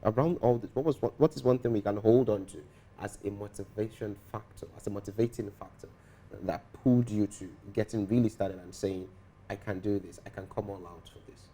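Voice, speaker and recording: A man hosts the interview and talks quickly, often finishing his guest's phrases. His voice is mellow and warm, with faint background noise behind it. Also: lowish voice. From Nigeria. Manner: encouraging, echoes the guest's words. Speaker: talk show host. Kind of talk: interview conversation.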